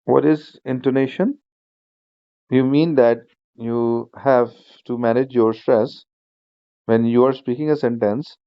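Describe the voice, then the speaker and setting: A man leads an online speaking-skills lesson in a voice of ordinary pitch, going through points step by step and repeating them. He leans on "you know" and "uh" as he explains. The sound is dry and a little dull, like a typical video-class mic. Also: steady tone, takes it slowly, no echo. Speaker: speaking exam teacher. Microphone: shared screen video class.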